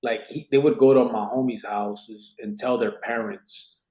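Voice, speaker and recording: A middle-aged man hosting a podcast, telling stories in a casual, animated way with street slang and swearing. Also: medium pitch, a little slow, reverberant. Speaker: podcast host.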